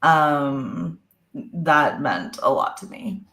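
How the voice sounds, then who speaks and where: A woman author talking about her books as a guest on a video call, thoughtful and pausing with fillers. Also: sits low, expressive, creaky, pushed and bright, roomy sound. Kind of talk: casual interview talk.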